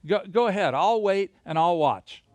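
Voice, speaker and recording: A man teaching a Bible lesson to a camera, animated and playful, leading hand motions. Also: high voice, normal speed, soft background music. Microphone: camera mic.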